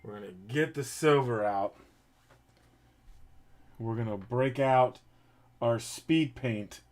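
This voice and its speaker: A man's voice: medium pitch, slow pace, a little mellow. A man casually chatting to his livestream viewers while painting a model, rambling with lots of fillers. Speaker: streamer painting a 3D print.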